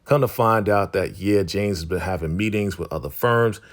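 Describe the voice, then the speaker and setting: A man's voice: sits low, normal speed. A man hosting a casual TV episode recap, retelling scenes in a laid-back, chatty, slangy way full of fillers. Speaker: TV recap host.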